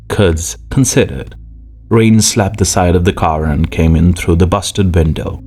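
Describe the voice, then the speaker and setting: A man narrating an audiobook in a measured, expressive way. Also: deep voice. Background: faint music.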